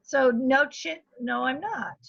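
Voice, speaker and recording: A woman chairing an online meeting, brisk and joking, on a dull video call line. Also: high-pitched, creaky, fairly bright tone, breathy edge, no room sound.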